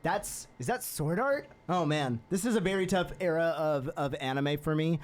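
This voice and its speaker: A man's voice: a little high, expressive, moderate pace, a little hiss or hum. A man playing song requests on guitar during a charity stream, chatting casually and laughing at himself. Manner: chatty and self-deprecating, often laughing. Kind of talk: casual live-stream chat. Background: his own guitar playing.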